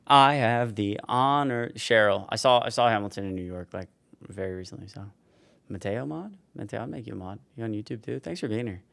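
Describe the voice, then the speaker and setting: A man's voice: fairly low pitch, lively intonation, a little fast, vocal fry, fairly bright tone, dry recording. A tired man in his forties, a streamer casually signing off a livestream and rambling as he thanks viewers by name. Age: 40s.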